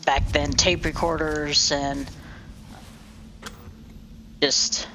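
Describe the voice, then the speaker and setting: A woman's voice: low-pitched, flat delivery, extremely slow, background noise. A woman streamer chatting casually over gameplay, rambling with lots of fillers and the odd swear.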